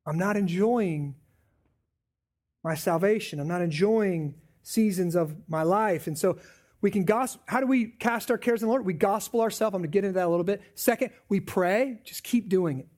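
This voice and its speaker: Pastor, man, high voice, animated conversational preaching with acted-out asides. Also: fairly quick. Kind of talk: sermon.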